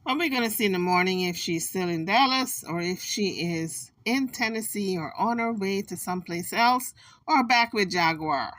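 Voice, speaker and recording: A woman's voice: medium pitch, expressive, moderate pace, a bit bright, dry recording, rough recording. A woman giving a casual commentary monologue, chatty and emphatic, talking straight to her viewers with playful mocking asides. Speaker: online gossip commentator.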